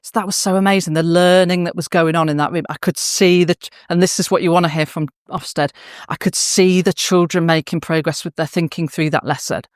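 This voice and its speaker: A woman's voice: on the low side, fairly even intonation, fairly quick, no echo, clean studio sound. A woman giving a conference talk to teachers, telling emotional classroom anecdotes with frequent restarts and fillers. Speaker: conference speaker. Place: conference hall.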